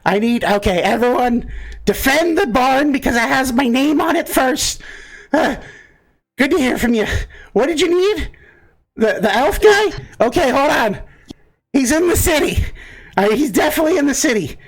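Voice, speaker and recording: Man doing a high-strung god amid a battle, squeaky, barking orders, flustered. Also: animated, heavily acted. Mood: frantic. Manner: rapid, distracted, yelling orders. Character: frantic harried deity amid a battle.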